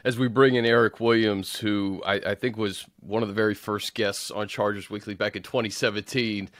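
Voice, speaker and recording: A man's voice: lowish voice, fairly even intonation, normal speed, a bit bright, no room sound, clean studio sound. A man hosting a sports talk show, often restarting his sentences as he runs through team news. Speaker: host.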